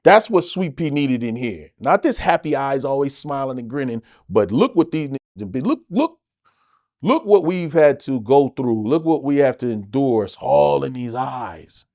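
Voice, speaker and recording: Man, from the united states, animated storyteller, emphatic, swears often, mid-pitched voice, dry sound. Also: moderate pace, dry recording. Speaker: actor guest. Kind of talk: casual interview storytelling.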